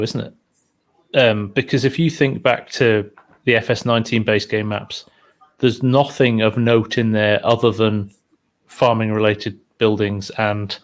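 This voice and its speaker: Man, game streamer, casual co-host chat, hedging and speculative. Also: fairly low pitch.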